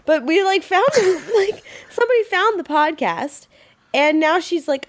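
A young woman co-hosting a podcast, telling a story in an animated way, laughing and acting out the people in it. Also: high voice, moderate pace. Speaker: podcast co-host. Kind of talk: casual chat.

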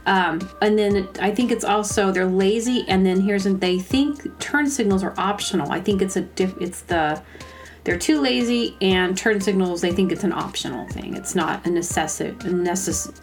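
A woman's voice: mid-range voice, moderate pace, faint music behind. A woman hosting a podcast, ranting casually and rambling with many restarts. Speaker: podcast host. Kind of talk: casual comedic rant.

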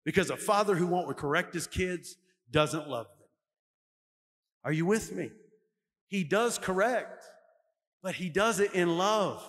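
Animated male pastor preaching in a reverberant sanctuary. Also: high-pitched, measured pace, pauses often. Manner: animated storytelling, acts out quotes loudly. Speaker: lead pastor. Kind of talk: sermon. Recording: long hall reverb, faint music.

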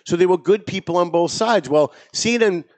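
A man's voice: high voice, a little fast. A man hosting a political talk show, speaking in a sarcastic, mocking tone. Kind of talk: political commentary chat.

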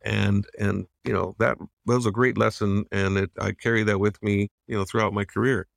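Earnest veteran animator, dry close sound. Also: male voice, fairly low pitch, flat delivery, moderate pace, vocal fry, no echo. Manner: earnest, reflective, many restarts and acted-out quotes. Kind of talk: casual interview storytelling.

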